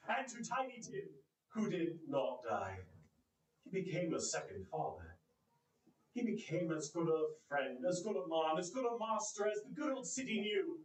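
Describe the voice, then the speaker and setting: A man delivers a theatrical one-man storytelling performance, his voice sitting fairly high and swinging widely as he plays each character. The sound carries the echo of a roomy hall. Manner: animated, voices characters with big pitch swings. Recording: echoey room.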